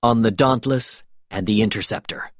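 A man narrating a storybook aloud in a slow, deliberate manner. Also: on the low side, dry recording, studio quality. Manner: slow, clear, deliberate reading.

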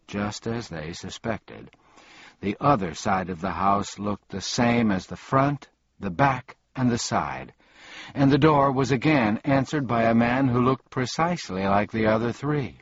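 Unhurried male audiobook narrator, husky, expressive, slightly dull recording. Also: fairly low pitch, dry recording. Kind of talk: audiobook reading.

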